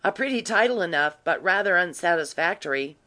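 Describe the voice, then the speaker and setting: A reader voicing a grave, quietly sly gentleman in an audiobook, speaking in a dry, measured way. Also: mid-range voice, animated. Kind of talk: audiobook reading.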